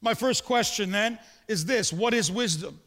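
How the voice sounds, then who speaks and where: A man preaching a sermon in a big hall, his very high voice trailing off into long reverb. He talks to the congregation in a conversational way, throwing in rhetorical questions and quick personal anecdotes. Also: a bit bright. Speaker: pastor.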